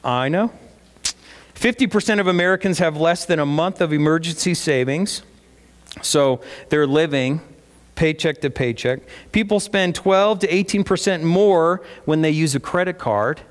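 A pastor delivering a sermon in a conversational way, putting questions to the congregation. His male voice sits fairly high. A long church-hall reverb trails each phrase. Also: normal speed. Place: church sanctuary.

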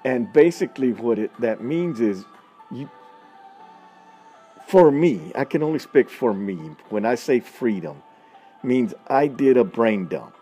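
A blunt, folksy man talks straight to his listeners in a relaxed, storytelling way, chuckling as he goes. His voice is mellow and warm, and faint music plays underneath. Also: medium pitch, measured pace, breathy edge. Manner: blunt, folksy, laughs often, addresses listeners as y'all. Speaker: podcast host. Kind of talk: casual storytelling monologue.

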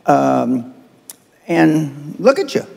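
This older seminar speaker confronts his live audience with blunt, profane motivation, his slightly high voice creaky, mellow and a bit rough. He's very animated and draws out his words, and the big hall makes the recording echo.

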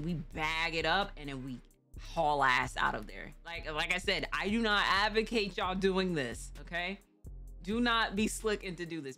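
Young woman, low voice, bright tense tone, profane storytelling, faint music. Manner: candid, profane, laughing storyteller. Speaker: streamer. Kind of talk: casual storytime chat.

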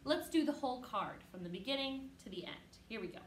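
With faint music behind her and a roomy echo, a woman leads an online music class for children, slow, clear, patient and encouraging. Her voice is on the high side with big pitch swings, and the recording cuts off the highs.

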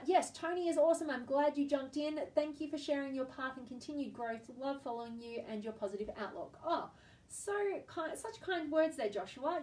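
A woman's voice: high-pitched, a little mellow, far from the mic, poor audio. Upbeat woman hosting a live stream, slightly off-mic. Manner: enthusiastic, greets viewers by name. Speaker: host. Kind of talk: live-stream talk to viewers.

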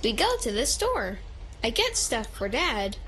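Woman, picture book read-aloud, high voice, animated, unhurried. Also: slight background noise. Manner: slow, lively storybook reading with high child-like quotes. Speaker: story reader at a church service.

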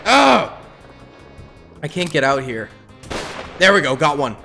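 A man's voice: fairly high pitch, big pitch swings, slow pace, gravelly, sharp tone, faint music behind. A young man hosting a gaming channel, giving goofy, hyped gameplay commentary full of yelps.

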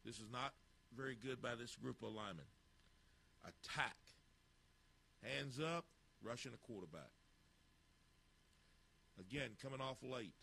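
A football coach talks over practice footage in short, clipped cues, bluntly calling out poor technique. His voice is bright and forceful, with a middle pitch. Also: normal speed, gravelly, pauses often, husky. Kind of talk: narrating a drill tape.

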